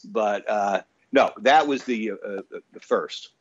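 A man's voice: lowish voice, slow pace, dry recording, highs cut off. A man in his sixties, a radio show guest, telling an anecdote in a casual way with lots of fillers. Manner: animated storyteller with frequent fillers. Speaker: guest, author.

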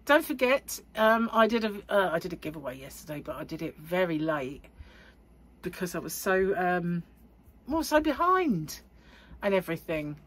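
A woman's voice: on the low side, big pitch swings, moderate pace, a bit bright. A middle-aged woman vlogging casually to camera, rambling and chatty with frequent laughs. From United Kingdom. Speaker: crochet vlogger.

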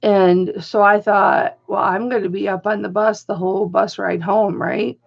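Middle-aged woman vlogger, husky and unhurried, slightly dull lo-fi audio. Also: medium pitch. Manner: rambling, animated retelling with quoted voices. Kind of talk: casual haul vlog storytelling.

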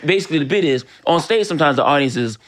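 A man's voice: a little high, lively intonation, fast talker, a bit bright. A man from Los Angeles, an actor guest telling stories with many restarts in a casual interview. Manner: rambling storyteller with restarts.

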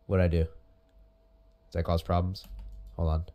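Male jiu-jitsu coach, very low voice, chatty and encouraging commentary. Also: slow pace. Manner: animated, coaching, chatty asides. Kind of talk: casual video commentary.

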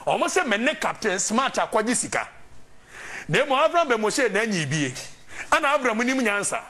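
Impassioned Ghanaian man, lively high voice. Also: a little fast. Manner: emphatic, mixing English and Twi, preaching cadence. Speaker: political commentator. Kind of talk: impassioned political talk.

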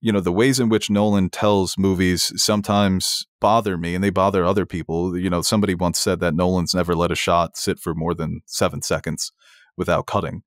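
A man's voice: sits low, little pitch movement, a little fast, no echo, clean studio sound. A man co-hosting a podcast, chatting casually and enthusiastically about films, often laughing and swearing. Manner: enthusiastic, laughs while talking. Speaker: podcast co-host. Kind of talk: casual film discussion.

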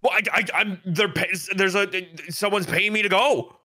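A man's voice: high voice, steady tone, moderate pace, pushed and bright, no room sound, clean studio sound. A young man in casual chat, brash and jokey, cursing freely. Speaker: guest narrator, co-streamer.

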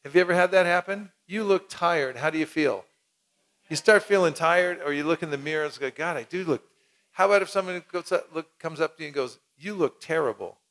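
Animated man teaching a seminar. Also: a little high. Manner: animated, acts out little dialogues, leads the crowd in repeating. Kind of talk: lively seminar talk to an audience. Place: cultural center hall with audience.

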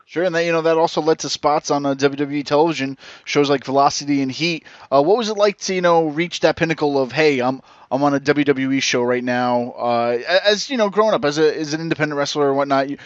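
A man hosting a podcast, asking a guest questions in a quick, eager way. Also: a little high, no room sound, lo-fi sound. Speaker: podcast host. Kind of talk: casual interview.

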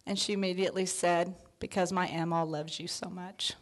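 A woman in her fifties giving a heartfelt, near-tearful award acceptance speech, full of thanks, fillers and soft laughs. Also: fairly low pitch, flat delivery, fairly quick. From Texas. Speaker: award honoree.

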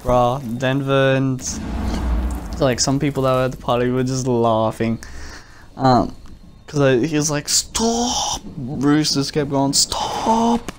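A man's voice: medium pitch, level tone, measured pace, long pauses, slight background noise. A young man, probably in his teens, telling a rambling, giggly personal story as a vlogger in casual speech. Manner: rambling, giggly, jumps into loud quoted voices.

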